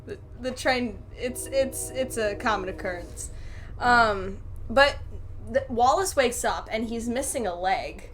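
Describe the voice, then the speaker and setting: A woman's voice: fairly high pitch, measured pace, a little hiss or hum. A young woman hosting a casual movie review chat, retelling scenes with laughter. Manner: animated, laughing retelling, acts out quotes.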